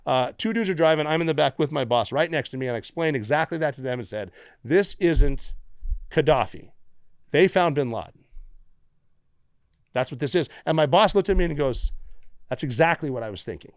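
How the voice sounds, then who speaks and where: A middle-aged man from the United States, a former Navy SEAL guest telling stories in a casual, profane, animated way. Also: fairly high pitch, fast, clear, resonant tone, dry recording, studio quality. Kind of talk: casual storytelling.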